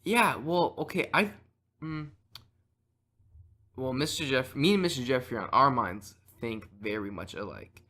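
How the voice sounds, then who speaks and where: A man's voice: mid-range voice, lively intonation, unhurried, pushed and bright. A teenage boy hosting a casual podcast chat, playful and argumentative, rambling through hypotheticals. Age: teens. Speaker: podcast host.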